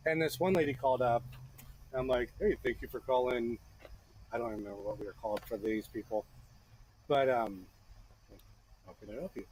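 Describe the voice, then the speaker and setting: A man in his thirties telling a lively story to a friend in a workshop, acting out the voices of the people in it. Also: medium pitch, a little fast, pauses often, slight background noise, poor audio. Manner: animated, acts out voices in his stories. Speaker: blacksmith teaching a friend. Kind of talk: casual storytelling. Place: forge workshop.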